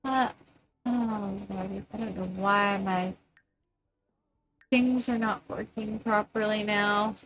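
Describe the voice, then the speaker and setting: A woman's voice: mid-range voice, steady tone, takes it slowly, pauses often, fairly bright tone, a little hiss or hum. A woman chatting casually on a live stream, distracted and muttering curses as her tech acts up.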